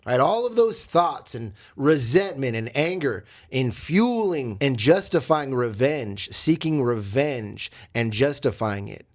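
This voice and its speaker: A man's voice: mid-range voice, very animated, slow pace, few pauses. A man hosting a podcast, telling his own story in a candid, reflective, confessional way with many fillers. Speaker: podcast host and coach.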